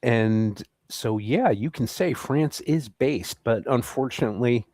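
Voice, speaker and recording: A man's voice: medium pitch, measured pace, a little mellow, no echo. A man co-hosting a casual chat, opinionated and blunt, with some cursing.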